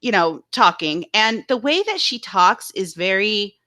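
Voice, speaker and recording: A woman co-hosting a casual live stream, telling a story in an animated, indignant way. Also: mid-range voice, a little slow. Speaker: co-host.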